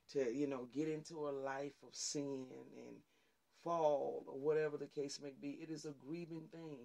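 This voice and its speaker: Earnest man preaching and praying, high voice. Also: warm tone. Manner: earnest, repeats phrases, slips into fervent prayer. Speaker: ministry host. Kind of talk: informal preaching and spoken prayer on a livestream.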